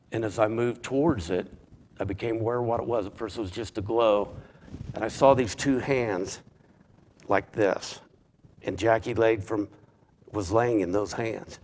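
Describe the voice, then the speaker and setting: Halting, low-voiced man giving testimony. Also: a little hiss or hum. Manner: halting, restarts and repeats words. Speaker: church member giving a testimony. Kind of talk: personal spoken testimony.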